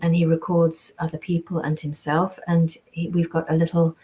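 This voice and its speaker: A woman's voice: low voice, completely flat delivery, moderate pace, dark tone. A British woman, a voice actress, chatting casually on a live signing stream, reading out viewer comments and answering them. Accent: British English.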